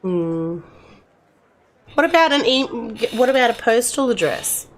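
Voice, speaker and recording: A woman's voice: a little high, sing-song, unhurried, slight background noise. A middle-aged woman, chatting casually with her live-stream viewers in a rambling way, full of restarts.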